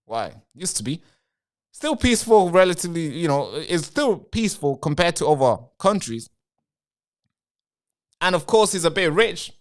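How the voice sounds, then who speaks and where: A man's voice: a little high, sing-song, normal speed, long pauses. A man hosting a live stream, talking straight to his viewers in a rambling way and answering chat comments. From Britain.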